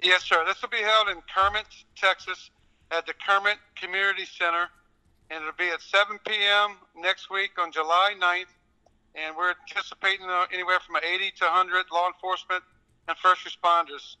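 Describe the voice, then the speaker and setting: High bright-voiced Louisiana man. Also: clean tone, low-quality recording. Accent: South Louisiana. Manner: polite, relaxed, many filler pauses. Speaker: guest, contractor. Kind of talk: phone interview.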